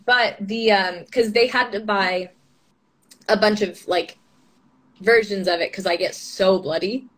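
A young actress chatting as an interview guest, talking freely with lots of "like" and "um" and breaking into laughs. Her voice sits at an ordinary middle pitch for a woman. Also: steady tone, a little slow, fairly bright tone. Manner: chatty, laughs often, many fillers. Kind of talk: casual interview chat.

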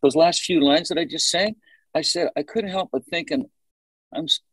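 A man in his sixties chatting in an interview, telling animated stories and acting out what people said. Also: fairly high pitch, moderate pace, slightly rough, dry recording, poor audio. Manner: animated storytelling, acts out quoted dialogue. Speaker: singer, interview guest. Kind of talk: casual interview talk.

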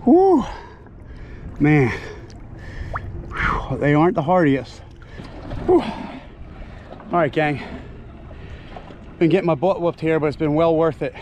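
A man filming his own fishing trip from a kayak, talking excitedly to viewers and out of breath from fighting fish. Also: on the high side, measured pace, pauses often, slight background noise. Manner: excited, exclaiming, talks to viewers while reeling. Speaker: fishing vlogger. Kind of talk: casual fishing vlog narration. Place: open water on a kayak.

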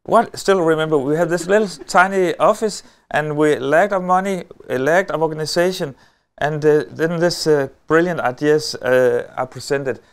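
A middle-aged man with a Danish accent tells a story from a conference stage. His voice sits a touch high and comes through smooth and clear. He hesitates often and fills the gaps with small sounds, keeping a wry edge. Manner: halting, many filler sounds, wry humor. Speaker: lecturer. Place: on a stage before an audience.

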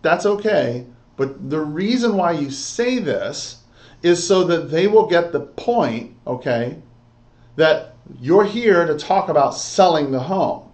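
A man's voice: fairly high pitch, lively intonation, slow pace, darkish tone, roomy sound. A man teaching real estate agents, coaching them through a sales script and often checking in with "okay?" and "all right?". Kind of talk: instructional talk with role-play.

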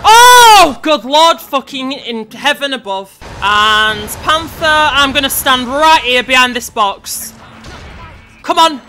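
A woman with a high, bright voice swears and shouts her way through a hard game as she comments on her own play. She talks quickly and is easily frustrated, and she yells at the enemies on screen. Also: faint music behind. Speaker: gameplay commentator.

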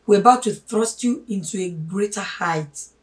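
A woman giving a spoken sermon, emphatic, swinging from loud stresses to hushed asides and calling listeners her brothers and sisters. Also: mid-range voice, normal speed. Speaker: religious teacher. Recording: voice a little distant from the mic.

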